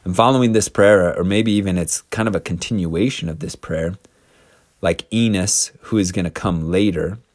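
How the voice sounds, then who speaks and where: A man's voice: sits low, moderate pace, dry recording, studio quality. A man teaching a casual scripture lesson, retelling the story with chatty, slangy asides.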